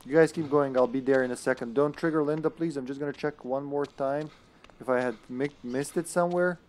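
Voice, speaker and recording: A man of medium pitch, talking a little quickly, gives offhand live commentary on the online co-op game he's playing. Laughter and spoken-aloud thoughts mix with sudden excited outbursts.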